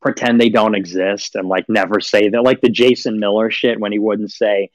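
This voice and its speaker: A man's voice: fairly low pitch, steady tone, normal speed, dry recording, rough recording. A man in casual livestream chat, mocking and rambling with lots of fillers and frequent laughs. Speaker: livestream guest.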